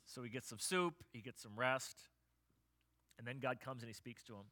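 A man preaching a sermon as pastor, telling stories with animation and closing in soft prayer. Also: mid-range voice, moderate pace, no room sound.

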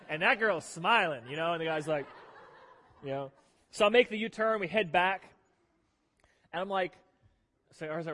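A man preaching a sermon, telling a funny story about himself in an animated, self-deprecating way to his church congregation. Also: high voice, a little fast. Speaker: pastor. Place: church sanctuary. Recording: long reverb of a large hall.

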